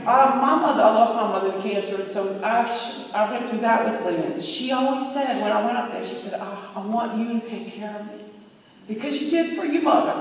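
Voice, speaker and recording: A middle-aged woman speaking casually and with emotion at a memorial, laughing through tears. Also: high-pitched. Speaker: eulogy speaker. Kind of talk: heartfelt memorial tribute. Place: large opera house hall. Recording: echoey hall from far off.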